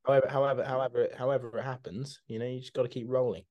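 Young lad cracking jokes on a podcast, mid pitch. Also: male voice, little pitch movement, very fast, lo-fi sound. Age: young adult. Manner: joking, teasing banter. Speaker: podcast co-host. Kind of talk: casual chat.

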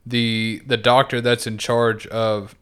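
A man's voice: mid-range voice, slow, clear, resonant tone. Man, podcast co-host, casual profane chat, clean resonant voice. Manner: animated retelling with acted-out quotes; profane and laid-back.

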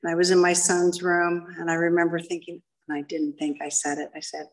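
A woman's voice: fairly low pitch, completely flat delivery, a little fast. A middle-aged woman giving a candid, self-deprecating personal testimony to a live audience in a meeting room. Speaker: speaker sharing her story at a recovery meeting. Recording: voice picked up from a distance.

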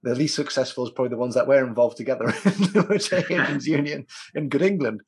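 A man hosting a podcast, bantering in a relaxed way with his guest. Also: mid-range voice, fast talker, husky. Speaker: podcast host. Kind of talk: casual podcast chat.

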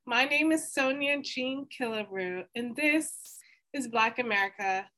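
A woman's voice: a little high, measured pace, pushed and bright, rough recording. A woman hosting a podcast, talking in an earnest, openly emotional way. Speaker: podcast host. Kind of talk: podcast interview and outro.

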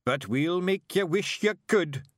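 A man voicing a tiny, pugnacious Feegle warrior who shouts in a broad Scots accent. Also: high-pitched, expressive, normal speed, no echo, clean studio sound, voice pushed up. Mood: battle cry. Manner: shouting, belligerent.

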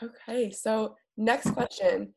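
A woman's voice: on the high side, steady tone, takes it slowly, vocal fry, dark tone. Laughing woman hosting an interview. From US East Coast. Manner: friendly, laughs often. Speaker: podcast host. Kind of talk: casual interview chat.

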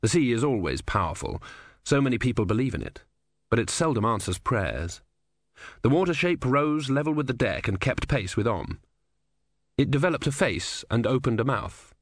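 A man's voice: medium pitch, big pitch swings, moderate pace, no room sound, clean studio sound. Man reading a novel aloud. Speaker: audiobook narrator. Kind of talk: scripted narration.

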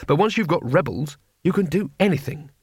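A nervous, sharp-tongued wizard, always one step from running, talks in a lifted, exasperated voice, as a male audiobook reader puts him on. The delivery is needling and impatient. The recording is dry and close. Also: on the high side, expressive, slightly rough, no echo. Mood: scornful. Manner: exasperated, needling, quick to flee. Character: nervous, sardonic male wizard fleeing danger. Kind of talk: audiobook character voice.

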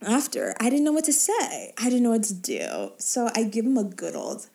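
A woman's voice: a little high, wildly swooping pitch, moderate pace, vocal fry, dark tone. A young woman co-hosting a podcast, telling a story in casual chat with lots of laughing. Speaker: podcast co-host.

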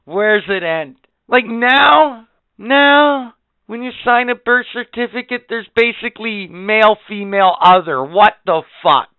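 A man's voice: sits high, lively intonation, measured pace, smooth, dry recording. A man co-hosting a casual podcast chat, ranting and swearing as he gets worked up. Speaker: podcast co-host. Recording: tinny phone-like sound, dry.

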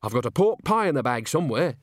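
A man's voice: mid-range voice, big pitch swings, fast, no room sound, clean studio sound, lightly acted. A man voicing a cheerful, earthy old witch woman with a folksy, chatty way of talking.

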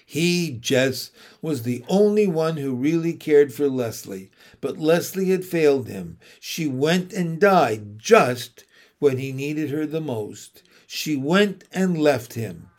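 A man narrating a children's novel in slow, deliberate, emotional storytelling. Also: fairly high pitch, animated. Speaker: audiobook narrator.

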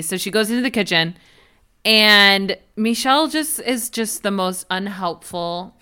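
A woman's voice: takes it slowly, clear, resonant tone. A woman co-hosting a podcast, chatting casually about a TV episode and acting out the characters' lines. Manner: animated, acts out quoted lines with big pitch jumps. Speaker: podcast co-host. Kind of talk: casual chat, recapping a TV episode.

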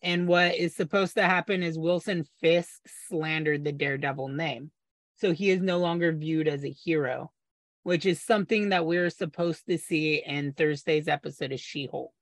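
A podcast co-host explains things eagerly and at length in casual conversation, sometimes tripping over his words. His voice is on the high side, at a normal speed, with no echo.

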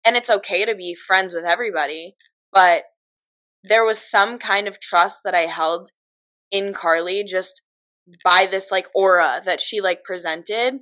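A woman's voice: mid-range voice, a little slow, bright, forceful tone. A woman in her twenties co-hosting a podcast, talking candidly with lots of filler words. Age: 20s. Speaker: podcast co-host. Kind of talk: casual chat.

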